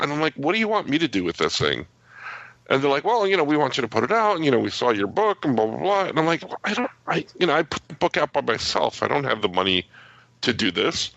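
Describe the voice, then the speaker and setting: Gravelly, lively man on a podcast. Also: on the high side, no room sound. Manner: rambling storyteller, acts out quoted lines. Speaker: podcast co-host, comic book creator. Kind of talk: casual chat. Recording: dull lo-fi sound.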